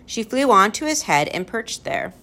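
A woman reading a children's storybook aloud in a lively, expressive way. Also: on the high side, moderate pace. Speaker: narrator.

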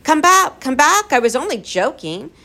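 Spiteful swamp creatures, high and shrill, jeering like brats; a woman reader voices them. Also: sing-song, moderate pace, fairly bright tone. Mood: whining pleas. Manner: jeering, whining, wheedling.

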